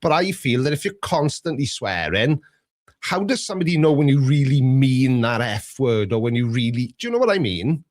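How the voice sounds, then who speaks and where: A man's voice: medium pitch, very animated, normal speed. A man with a Welsh accent hosting a call-in show, talking in a chatty, self-deprecating, storytelling way. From Wales. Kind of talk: casual chat.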